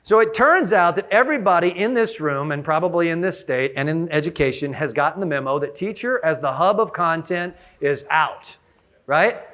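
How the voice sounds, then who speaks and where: A man giving an energetic conference keynote, often asking the audience questions. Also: a little high, normal speed. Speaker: conference speaker.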